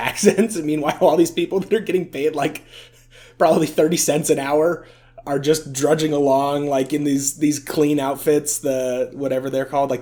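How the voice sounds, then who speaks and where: A man's voice: a little high, a little mellow. A man giving casual, chatty vlog commentary, amused and full of fillers. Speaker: video essay vlogger.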